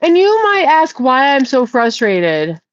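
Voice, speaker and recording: A woman's voice: high-pitched, very animated, measured pace, no room sound, highs cut off. A woman hosting a casual livestream, rambling and joking with viewers, swearing freely. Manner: profane, rambling, jokey. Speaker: livestream host.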